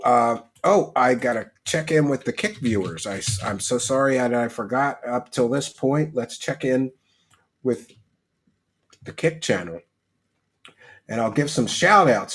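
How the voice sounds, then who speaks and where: A man's voice: mid-range voice, breathy edge. A man hosting a livestream, reading chat aloud and joking with mock rants. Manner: mock-ranting, joking, quick to laugh. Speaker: livestream host.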